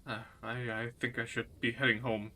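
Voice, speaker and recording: A man's voice: medium pitch, level tone, moderate pace, pushed and bright, far from the mic. Man playing a dazed, stammering village man. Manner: hesitant, stammering. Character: dazed young village man, timid and confused.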